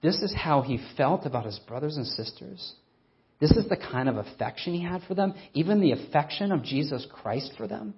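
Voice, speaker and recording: A man preaching a sermon, earnest and emphatic, asking rhetorical questions and slowing down to stress scripture readings. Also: fairly high pitch, animated, highs cut off.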